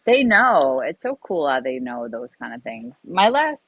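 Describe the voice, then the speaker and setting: A woman's voice: very deep voice, unhurried, slightly rough, dry recording, dull audio. A woman chatting casually on a live panel, giggly and full of fillers. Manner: animated, giggly, many fillers. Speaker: panel guest. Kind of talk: casual chat.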